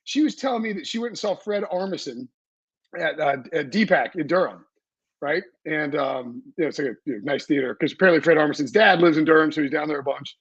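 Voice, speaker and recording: Man, podcast host, husky voice, rambling, full of fillers, dull dry sound. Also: fairly high pitch, fast. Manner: rambling, energetic, many fillers and restarts. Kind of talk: casual podcast chat. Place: home setup away from his usual room.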